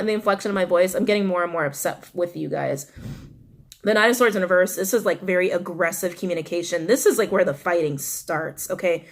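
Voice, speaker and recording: A young woman giving a casual tarot reading, animated and blunt, swearing and talking straight to her viewers. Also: fairly low pitch, brisk. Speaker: tarot reader.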